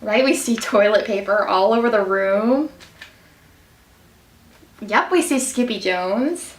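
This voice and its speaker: A woman's voice: medium pitch, slow. A woman reads a picture book aloud and stops to quiz children on nouns, verbs and adjectives, praising their answers in an encouraging singsong teacher voice. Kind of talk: reading aloud and quizzing children on grammar. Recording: echoey room from a distance.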